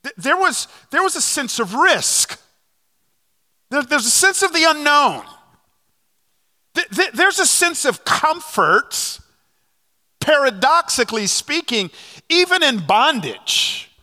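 A man preaching a sermon as a pastor, telling a story with lively restarts and fillers. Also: very high-pitched, slow pace, pauses often. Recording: long hall reverb.

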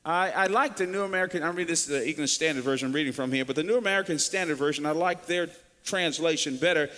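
A male preacher giving an emphatic, animated sermon, swinging between quiet and loud and often repeating words. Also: high voice, brisk. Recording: long reverb of a large hall.

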